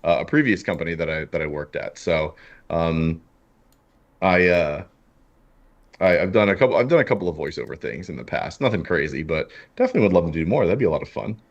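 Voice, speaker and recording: Deep-voiced sick man hosting a podcast. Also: lively intonation, a little fast, muffled recording. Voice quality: deep, smooth radio voice. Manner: laid-back, chuckling, many fillers. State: sick, husky voice. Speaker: podcast host. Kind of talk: casual chat.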